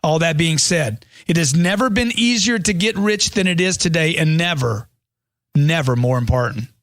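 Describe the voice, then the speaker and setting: A man's voice: fairly high pitch, lively intonation, normal speed, fairly bright tone, no echo, studio quality. A man reading a money self-help book aloud as scripted audiobook narration, in an emphatic motivational way that leans on rhetorical questions.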